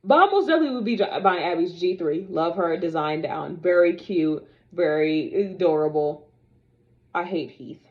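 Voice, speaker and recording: A young woman vlogging to camera in casual, opinionated chat, sassy and animated as she talks straight to her viewers. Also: on the low side, normal speed, highs cut off. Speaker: vlogger reviewing dolls.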